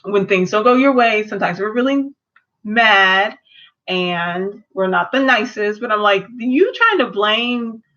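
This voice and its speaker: A woman talks through an episode she just watched, acting out each character's lines in quick asides. Her voice is bright and forceful, and the recording sounds dull and lo-fi. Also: medium pitch. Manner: animated retelling, acts out dialogue in quotes. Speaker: episode reviewer. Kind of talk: casual recap and theorizing.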